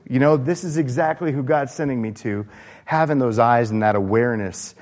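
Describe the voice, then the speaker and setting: A man's voice: medium pitch, a little fast, a little mellow. A man from the American South, preaching an informal, conversational sermon and putting questions to the congregation. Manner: informal, asks the congregation questions, frequent fillers and restarts. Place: church sanctuary. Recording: long reverb of a church hall.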